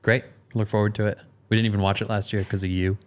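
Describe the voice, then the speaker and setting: A young man talks on a podcast in a dry, matter-of-fact way. His voice is somewhat low, and his delivery stays steady. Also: quick pace. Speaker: podcast co-host. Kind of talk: casual chat.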